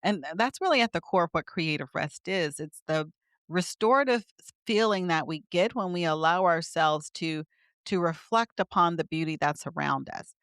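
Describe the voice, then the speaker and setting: A woman's voice: lowish voice, normal speed, fairly bright tone, clean tone, dry recording, studio quality. A middle-aged woman, a physician guest, explaining ideas earnestly in conversation with light laughs. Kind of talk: conversational interview.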